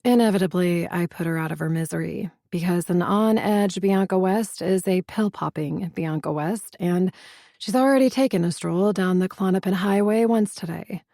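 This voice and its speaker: A woman's voice: fairly low pitch, normal speed, vocal fry, warm tone, dry recording. Dry, wry woman narrating a novel. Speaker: audiobook narrator. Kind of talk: first-person novel narration.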